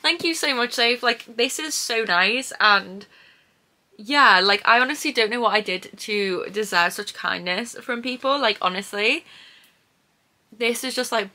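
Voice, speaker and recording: Bright-voiced excitable young woman. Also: on the high side, unhurried. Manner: excitable, gushing, lots of "like" and "oh my god". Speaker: book vlogger. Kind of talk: casual vlog chat.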